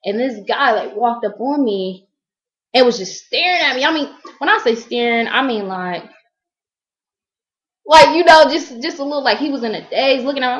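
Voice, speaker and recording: A woman's voice: on the high side, fairly bright tone, muffled recording. Rambling, slangy woman vlogger. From Columbus, Ohio, US. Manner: rambling, slangy, lots of fillers. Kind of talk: casual storytelling vlog.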